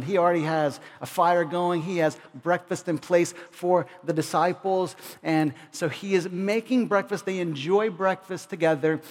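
A man's voice: fairly high pitch, a little mellow. A man preaching a sermon as pastor, explaining a passage conversationally, with frequent restarts. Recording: long reverb of a large hall.

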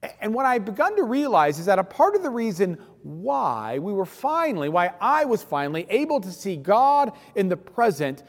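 A man's voice: high voice, sing-song, normal speed. A male pastor preaching a sermon in a church, telling the story with animation and dropping at times to a near-whisper. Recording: long reverb in a large hall.

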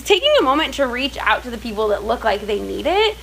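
A woman's voice: a little high, big pitch swings, fast, gravelly, fairly bright tone, rough recording. A young woman telling personal stories in a casual faith talk, chatty and full of filler words and restarts. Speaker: speaker in a church series.

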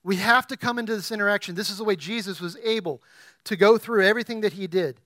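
High bright-voiced male preacher. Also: fast talker, dry recording, clean studio sound. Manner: animated preaching, rising to loud emphatic peaks, asks the congregation questions. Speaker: pastor. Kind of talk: sermon.

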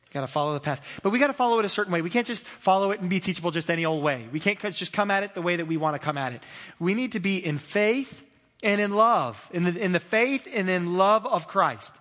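A man delivers a conversational sermon in a high, bright voice. He laughs easily and slips into small acted-out voices to make his points. The sound carries the long reverb of a large church hall. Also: animated, a little fast. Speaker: pastor.

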